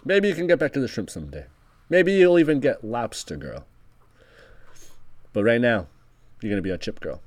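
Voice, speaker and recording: A man's voice: medium pitch, sing-song, moderate pace, pauses often, dry recording, close to an everyday voice. A man improvising a scheming casino boss in a tabletop role-play, talking bluntly in rambling bursts with self-mocking asides. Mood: bossy.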